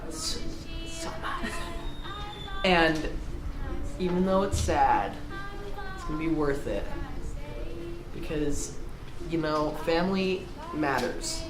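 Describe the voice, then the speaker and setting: A young woman, a student, speaking slowly and wistfully in a casual tribute. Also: deep voice. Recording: roomy with music behind.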